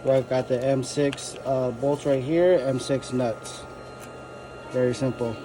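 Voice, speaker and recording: In a garage workshop, a car body shop builder talks through a custom car part build step by step, casually and with fillers. His mid-range voice holds a fairly even intonation at a measured pace, with background noise behind him.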